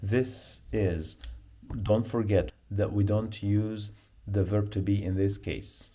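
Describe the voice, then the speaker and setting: A man with an Arabic accent teaching a beginner lesson, speaking slowly and repeating each word to drill pronunciation. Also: on the low side, steady tone, dark tone. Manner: slow, repetitive, drills pronunciation.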